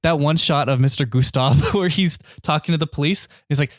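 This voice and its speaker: A man's voice: on the high side, fairly quick, dry recording, studio quality. A young man co-hosting a casual film podcast, easygoing and chatty, laughing often. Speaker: podcast co-host.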